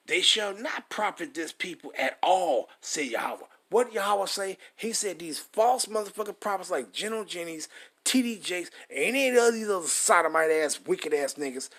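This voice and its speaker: A husky, slightly high-pitched man reads scripture aloud and breaks off into heated, profane commentary. He slows right down and leans hard on the verses, then rushes back into combative asides. The voice has a breathy, roughened edge. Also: sharp tone.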